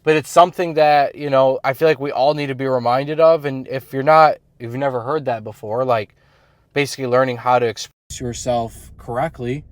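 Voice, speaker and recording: A man's voice: mid-range voice, steady tone, a little fast, no room sound. A man coaching other men in a casual advice monologue, blunt and slangy, full of "like" and "you know". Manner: blunt, slangy, filler-heavy talk. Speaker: men's self-improvement coach.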